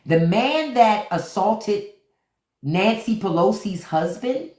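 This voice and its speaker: A woman's voice: mid-range voice, expressive, slow, darkish tone, roomy sound. A woman hosting a livestream, giving blunt, profane commentary straight to her viewers and repeating key words for emphasis. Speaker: podcast host on a livestream.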